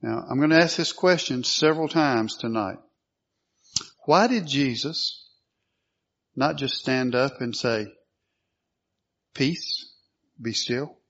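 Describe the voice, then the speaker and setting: A man preaching a sermon, reading scripture aloud and asking the listeners questions, clearing his throat often. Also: medium pitch, animated, a little slow, long pauses, a bit bright. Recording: dull lo-fi sound.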